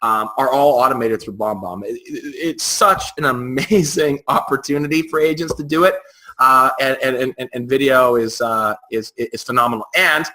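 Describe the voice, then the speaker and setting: A man's voice: medium pitch, moderate pace, pushed and bright, poor audio. A man talking frankly as a guest in a casual interview, often stumbling and repeating words as he goes. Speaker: real estate agent, guest.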